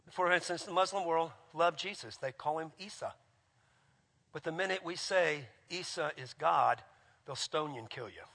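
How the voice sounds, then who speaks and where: A man's voice: fairly high pitch, creaky. Impassioned preacher man in a reverberant hall. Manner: impassioned, swings from hushed to shouting. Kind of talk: sermon.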